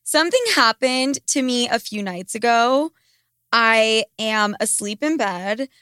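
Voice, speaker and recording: A young woman co-hosts a podcast, chatting frankly: blunt, profane and telling stories with lots of energy. Her voice is a little high, unhurried, clear and resonant, recorded dry and clean in a studio.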